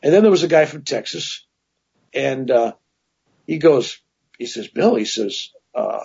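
With a creaky, husky mid-range voice and a measured pace, this male guest rambles through long personal anecdotes in a casual interview, sprinkling in "right?" asides. The audio sounds dull.

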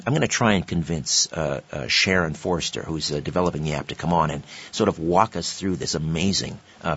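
A man's voice: sits low, husky, muffled recording. A man hosting a talk radio show, with a rambling delivery full of uhs. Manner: rambling, filler-heavy delivery.

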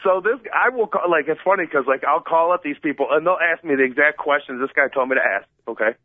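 A man's voice: a little high, fast talker, no room sound. A man co-hosting a sports radio show, telling rambling stories in an earnest way. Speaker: radio co-host. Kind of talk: casual sports radio banter. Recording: tinny phone-like radio broadcast.

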